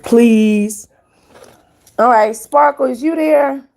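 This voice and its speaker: A woman hosting a casual live stream, chatting with her viewers as "y'all" and reading numbers out slowly. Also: fairly high pitch, a little mellow.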